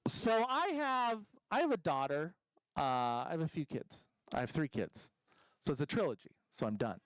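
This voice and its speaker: A man's voice: on the high side, very animated, normal speed, dry recording, low-quality recording. A man doing a stand-up comedy set at a convention stage, rambling and self-deprecating, full of ums and restarts.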